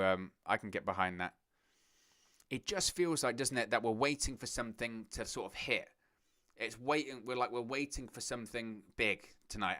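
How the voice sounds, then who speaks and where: A man's voice: medium pitch, sharp tone, clear, resonant tone. A man hosting a live watch-along stream, chatting casually, thinking aloud and talking to his viewers. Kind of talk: live watch-along commentary, reading chat.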